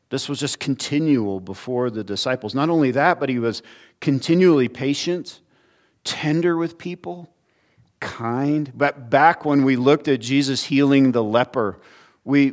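Earnest man preaching a sermon. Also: mid-range voice. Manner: earnest teaching with emphatic rises, occasional restarts. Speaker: pastor.

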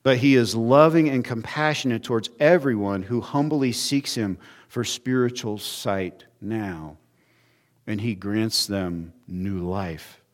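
A man preaching an expository sermon, earnest, his voice rising and quickening when he acts out quoted speakers. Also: lowish voice. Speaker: pastor.

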